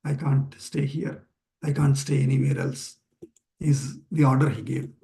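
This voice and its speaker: Slow, patient male scripture teacher. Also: mid-range voice, flat delivery, gravelly, mellow. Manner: slow, patient word-by-word explanation with many fillers. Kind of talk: weekly online class explaining a chanted text.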